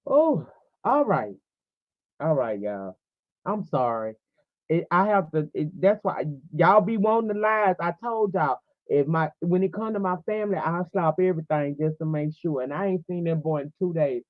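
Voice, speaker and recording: A woman's voice: fairly low pitch, expressive, moderate pace, no echo. A woman in her forties hosting a livestream, preaching fervently and speaking straight to her viewers. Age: 40s. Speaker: livestream host. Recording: tinny phone-like audio, dry.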